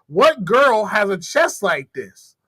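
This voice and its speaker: A man hosting a comedy podcast, talking in a brash, profane, animated rant. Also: high voice, takes it slowly, breathy edge. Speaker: podcast host. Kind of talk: casual comedic chat.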